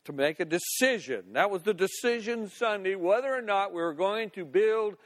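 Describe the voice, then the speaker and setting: An older man gives a sermon in a fairly high voice. He moves between reading scripture and chatty, down-to-earth comment. He acts scenes out in different voices as he goes. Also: expressive, moderate pace. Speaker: pastor.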